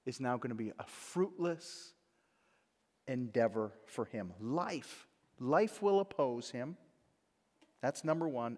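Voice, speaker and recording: A man preaching a sermon, swinging between loud dramatic bursts and hushed asides. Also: mid-range voice. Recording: long hall reverb.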